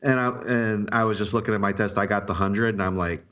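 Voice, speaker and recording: A man co-hosting a podcast, relaxed and agreeable, often laughing along. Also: lowish voice, fast, dull audio. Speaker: podcast co-host. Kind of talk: casual chat.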